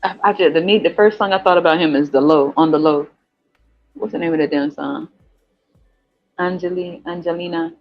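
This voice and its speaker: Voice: moderate pace, pauses often. Podcast host rambling away, cussing and cracking up, kinda muffled audio with faint music under it. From West Coast of the US. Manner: animated, profane, laughs often, swings up in pitch. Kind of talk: casual chat, monologue.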